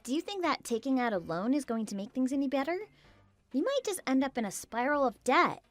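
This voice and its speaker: A woman's voice: high voice, very animated, brisk, faint music behind. A synthetic female voice reading a worried wife who presses her husband with anxious questions in a text-message story.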